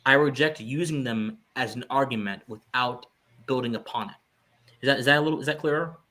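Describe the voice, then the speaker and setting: A man's voice: medium pitch, brisk, sharp tone. A man co-hosting a podcast, giving lecturing philosophical commentary with searching restarts and sudden emphatic jumps. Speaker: podcast co-host.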